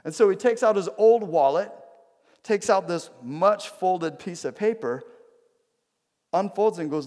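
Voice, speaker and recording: A man's voice: high-pitched, expressive, moderate pace, darkish tone. Man preaching in an echoing hall. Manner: conversational, asks the listeners direct questions. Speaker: pastor. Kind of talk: sermon.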